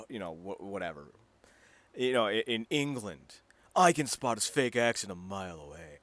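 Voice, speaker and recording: A man co-hosting a podcast, chatting casually and rambling with lively energy, laughing at his own jokes. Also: on the low side, normal speed, no room sound. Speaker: podcast co-host. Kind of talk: casual chat.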